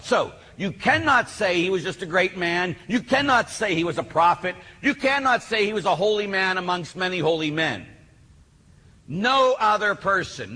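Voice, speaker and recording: A man's voice: high-pitched, bright, forceful tone. A man preaching a sermon with emphatic, insistent delivery to a live audience. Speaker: Catholic speaker. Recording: reverberant hall, faint noise.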